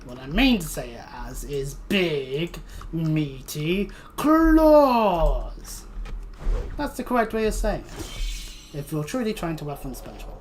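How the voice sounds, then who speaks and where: A woman with a notably low voice chats her way through a gameplay stream, wandering off into jokes and asides as she plays. Soft keyboard typing clicks away faintly behind her. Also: big pitch swings, fairly quick, a little hiss or hum. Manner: rambling, joking asides to self. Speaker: livestreamer. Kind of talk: casual gameplay commentary.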